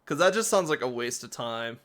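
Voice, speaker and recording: A man's voice: medium pitch, animated, a little fast, a bit bright. A man giving casual, rambling commentary while playing a game, often laughing.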